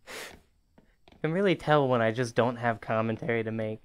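Slow, rambling man narrating his gameplay. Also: mid-range voice, clear, resonant tone. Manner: chatty, rambling, laughs often. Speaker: gaming channel host. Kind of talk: casual game commentary.

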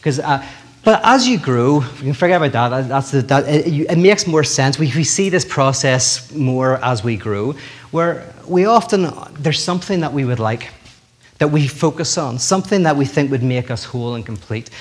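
A middle-aged man giving a public lecture in a lively, joking way, often restarting his sentences. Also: medium pitch, normal speed. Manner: animated, joking, many restarts.

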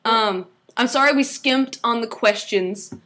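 A young woman co-hosting a casual vlog, bubbly and teasing, with quick interjections. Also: on the high side, background noise. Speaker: vlog co-host. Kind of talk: casual chat.

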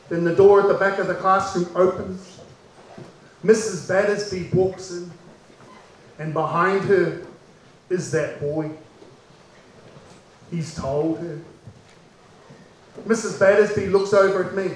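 A man performing a personal story aloud, dramatic and full of pauses, acting out the people in it. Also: high-pitched, fairly even intonation. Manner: dramatic, acts out voices and pauses. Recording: echoey room from far off with faint background noise.

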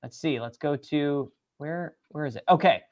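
A livestream host in casual panel chat, jokey and animated, running a poll for the chat over a video call. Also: medium pitch, normal speed, a little hiss or hum.

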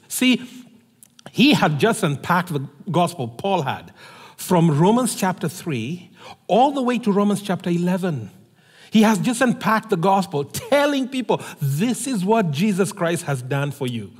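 A man preaching a sermon as pastor, animated and storytelling, acting out both sides of a conversation in a church sanctuary. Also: high-pitched, measured pace, husky. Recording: long hall reverb.

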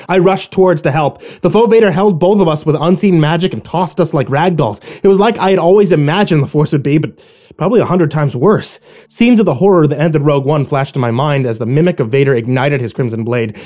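Brief: male horror narrator, mellow, measured, faint music bed. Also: a little high, expressive. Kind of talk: first-person horror story reading.

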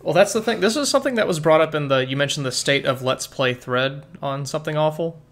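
A man's voice: fairly high pitch, fast, fairly bright tone. Laid-back man co-hosting a podcast. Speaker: podcast co-host. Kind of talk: casual chat.

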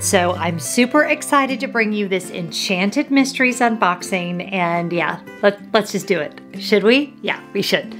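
A woman's voice: medium pitch, animated, measured pace, fairly bright tone, faint music behind. A woman hosting a casual unboxing vlog, chatting with her viewers in an upbeat way while sitting on her home office floor. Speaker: host.

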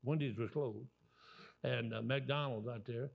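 Guest-preaching a sermon, a Southern US man in his sixties spins folksy, animated stories that ramble and restart. His gravelly voice sits a little high and moves at a moderate pace.

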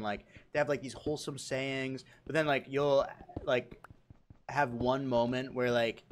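A man's voice: a little high, a bit bright. A young man streaming and chatting casually, rambling and swearing. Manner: rambling, swearing, laughing at own jokes.

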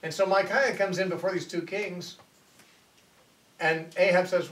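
A man's voice: a little high, a little fast, a bit bright. A man teaching a Bible lecture, retelling a scripture story in a conversational way and correcting himself as he goes. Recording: echoey room, voice from far off, faint noise.

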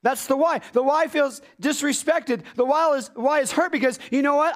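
A male pastor preaching a sermon in a church, animated and full of rhetorical questions to the congregation. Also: very high-pitched, moderate pace, hardly any pauses. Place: church sanctuary.

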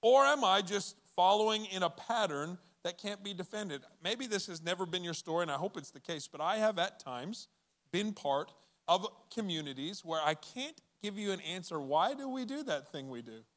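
A male pastor giving a sermon in a casual, animated way, acting out bits of dialogue for his church audience. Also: high voice, moderate pace. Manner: conversational and animated, acting out quoted voices.

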